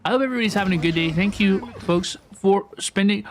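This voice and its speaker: High-voiced playful male game streamer. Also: quick pace. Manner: playful, chatty, greets chat warmly, repeats phrases. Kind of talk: casual live-stream chat while gaming.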